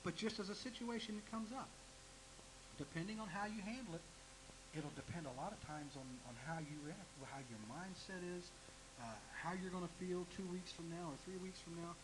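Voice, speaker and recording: A man's voice: sits high, brisk, background noise. A man preaching a folksy sermon, teasing himself and asking the congregation direct questions. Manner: folksy, self-deprecating, talks straight to the congregation.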